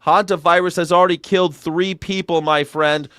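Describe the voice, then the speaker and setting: A man's voice: high-pitched, steady tone, normal speed, fairly bright tone, clear, resonant tone, no echo, studio quality. A young man hosting a news reaction show, sarcastic and joking, swearing freely. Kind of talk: comedic news reaction commentary.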